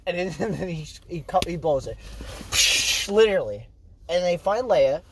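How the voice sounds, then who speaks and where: A young man co-hosts a podcast, chuckling often as he recaps a film in a loose, rambling way. His voice sits a little high and swings widely, with a faint hiss in the background. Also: animated, normal speed. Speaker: podcast co-host. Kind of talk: casual chat.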